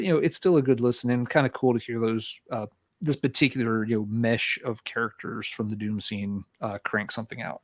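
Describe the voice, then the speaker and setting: A mid-pitched man's voice, dry and close to the mic, talks casually as a podcast guest. His speech is loose and hesitant, padded with constant "you know"s and "um"s. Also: darkish tone, no room sound. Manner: filler-heavy with lots of "you know"s. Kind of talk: casual chat.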